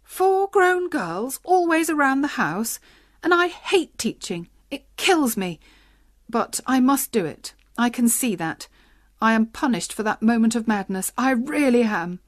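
A woman's voice: a little high, expressive, measured pace. Anxious young wife, read by a woman. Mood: dismayed. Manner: anxious, confessing.

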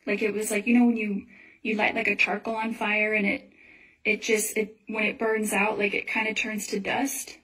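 A woman's voice: medium pitch, little pitch movement, moderate pace, a bit bright. A young woman earnestly telling a personal religious dream in a casual, rambling way, full of filler words. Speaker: Christian testimony speaker. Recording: voice a little far from the mic.

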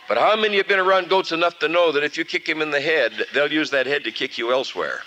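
A man's voice: a little high, quick pace, hardly any pauses, slight background noise, low-quality recording. A man preaching a sermon at a camp meeting, telling a story and acting out its scenes. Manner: animated storytelling, acts out scenes. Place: camp meeting before a live audience. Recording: archival 1979 camp meeting recording.

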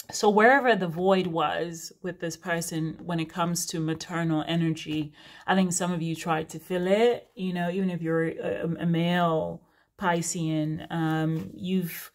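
A woman's voice: fairly low pitch, flat delivery, unhurried. A woman giving a casual, frank tarot reading to her viewers, chatty with many fillers and asides. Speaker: tarot reader.

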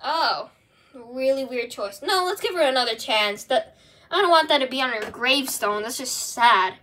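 A woman's voice: high voice, lively intonation, moderate pace, pushed and bright. A woman casually narrating her own toy play-acting, giggly and rambling with lots of ums.

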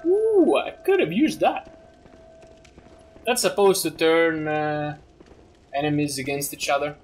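A man commentating a video game, excitable and given to loud goofy exclamations. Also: fairly high pitch, takes it slowly, soft background music. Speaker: gaming commentator. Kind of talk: let's play commentary.

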